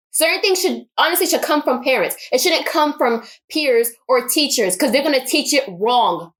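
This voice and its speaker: A vlogger with a high-sitting, fairly bright voice delivers an impassioned personal monologue, speaking emphatically and repeating her points for force.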